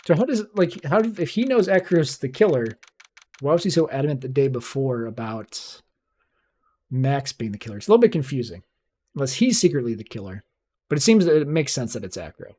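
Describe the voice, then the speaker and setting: Chatty man streaming a game, lively pitch. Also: a little fast, slight background noise. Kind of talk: casual game commentary with read-aloud dialogue. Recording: faint music behind.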